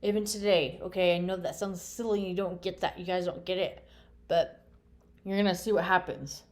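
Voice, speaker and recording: A woman's voice: on the low side, fairly even intonation, brisk, a little mellow. Woman host, casual bible retelling, chatty and informal, keeps asking "right?". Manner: chatty, lots of "okay?" and "right?".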